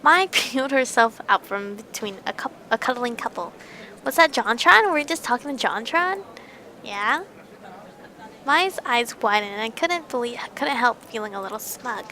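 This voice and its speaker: A woman's voice: a little high, animated, moderate pace, bright, forceful tone, low-quality recording. A young woman narrating a visual novel game aloud, breaking in with playful, giggly reactions. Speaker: game streamer.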